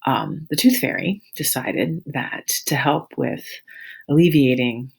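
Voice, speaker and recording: Woman, 40s, teacher, casual rambling storytelling, gravelly, husky. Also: sits low, lively intonation, slow pace. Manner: chatty and rambling, amused.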